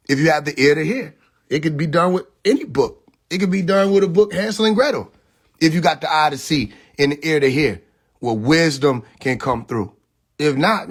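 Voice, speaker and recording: A man hosting a live stream, preaching casually and emphatically, repeating his points and asking rhetorical questions into a phone mic. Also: mid-range voice.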